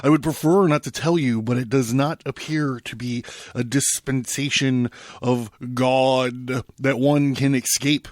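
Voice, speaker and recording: A frightened old monk, spoken slowly and heavily, as a man reads him aloud. The delivery is accusing and aggrieved, with a dry, close sound. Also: mid-range voice, fairly even intonation, no room sound, natural voice. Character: frightened old monk, angry then plaintive.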